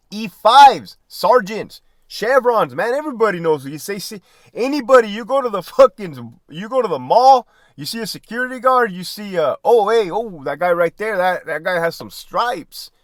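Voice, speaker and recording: A middle-aged man holds forth in a casual, profane monologue, swearing freely and breaking into laughter often. His voice sits high and swings widely in pitch. The recording is dry and close, with no room sound. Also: dry recording. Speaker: podcast host, former prison guard and army veteran.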